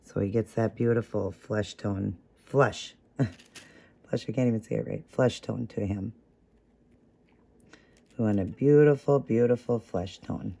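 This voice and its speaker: A man's voice: lowish voice, a little slow, creaky, long pauses, warm tone. Chatty man walking through a craft. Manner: chatty, talks while working, corrects own slips. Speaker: craft tutorial host. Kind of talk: casual step-by-step tutorial.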